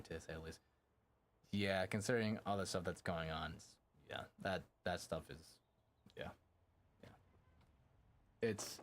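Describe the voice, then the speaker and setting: A man's voice: on the low side, slight background noise. Rambling young man streamer. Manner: rambling, heavy on fillers, swears casually. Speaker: game streamer. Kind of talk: casual live-stream chat.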